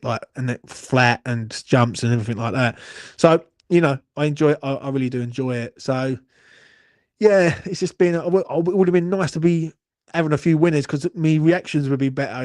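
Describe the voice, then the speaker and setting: Sweary bloke rambling on a stream. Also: male voice, medium pitch, a little mellow, no echo, clean studio sound. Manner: rambling, sweary, self-mocking banter. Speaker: watchalong host. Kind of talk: casual live-stream chat. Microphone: phone.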